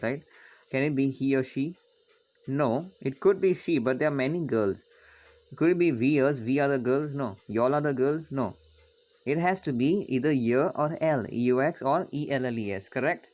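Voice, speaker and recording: A man teaching a French grammar lesson to students, patient and repetitive, often checking in with "okay?". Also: medium pitch.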